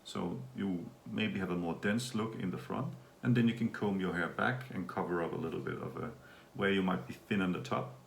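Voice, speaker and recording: A Danish vlogger with a low, gravelly voice talks through a casual video update, relaxed and rambling with fillers. He speaks briskly with few pauses, in an echoey room with a faint ambient hum.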